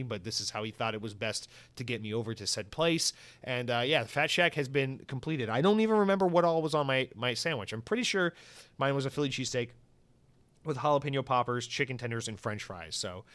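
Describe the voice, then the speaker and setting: A man's voice: medium pitch, fairly bright tone, no echo. A young man hosting a solo podcast, rambling and swearing with comic exaggeration. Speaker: podcast host.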